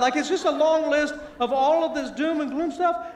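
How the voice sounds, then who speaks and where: A man with a strikingly high voice delivers a humorous motivational sermon, jumping in pitch as he tells a family story with self-deprecating jokes. The sound is roomy and echoey, and the mic sits at a distance. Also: normal speed, hardly any pauses, slight background noise.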